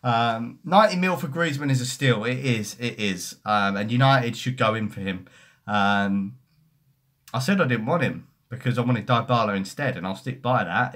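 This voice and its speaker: A man's voice: mid-range voice, fairly bright tone. A young man hosting a football fan live stream, chatting casually and swearing as he reads comments. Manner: sweary, mocking banter. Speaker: football fan livestream host.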